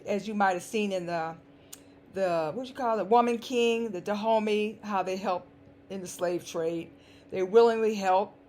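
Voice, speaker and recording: A woman vlogger speaks at a medium pitch with a slightly mellow quality, though her voice is also dry and scratchy. Her monologue is sarcastic, emphatic commentary in which she repeats words to drive them home.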